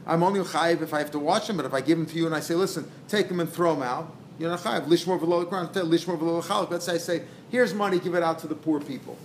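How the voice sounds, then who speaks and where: A man with a fairly high voice teaches a Talmud lesson in a loose lecture style. He repeats phrases and acts out both sides of the dialogue, mixing in Hebrew and Aramaic terms. A faint noise runs behind him. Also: fast talker, few pauses. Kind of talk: lecture explaining a text.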